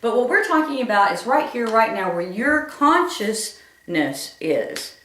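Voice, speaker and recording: A woman's voice: on the high side, very animated, a little slow, fairly bright tone, slight background noise. A woman doing a stand-up storytelling monologue, emphatic, repeating phrases for effect. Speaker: comedian. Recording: roomy echo from a distant mic.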